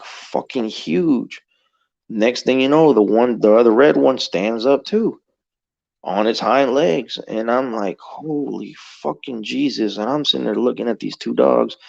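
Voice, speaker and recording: A man's voice: medium pitch, gravelly, darkish tone, dull audio. A man telling a story in a casual, rambling way, swearing freely and filling gaps with "you know.". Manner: rambling and profane, heavy on "you know" fillers. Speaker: guest telling an encounter story.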